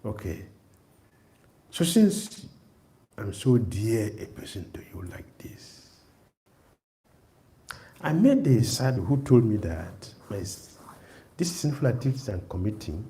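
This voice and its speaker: Preacher playing a humble hunter, quiet and low, pleading. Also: male voice, big pitch swings, a little slow, pauses often. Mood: coaxing. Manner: soft, low, coaxing. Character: meek pleading hunter husband.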